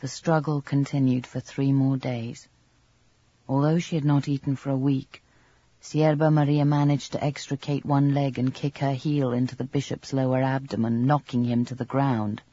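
In this scripted narration, a male audiobook narrator reads a novel aloud with calm, steady storytelling. He speaks at a mid-range pitch. The audio is dry and dull.

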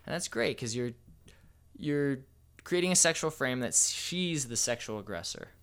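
A man's voice: mid-range voice, animated, moderate pace, a bit bright, clean tone. A man giving casual, playful dating advice as a coach, with a slightly cocky manner.

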